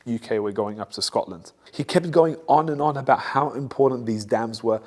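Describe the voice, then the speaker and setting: A man of ordinary mid-range pitch hosts his own show as a reverend, talking in a loose, animated monologue. He hammers his points home by repeating them and drops in jokes along the way. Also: normal speed. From Assyrian community. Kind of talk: casual talk-show monologue.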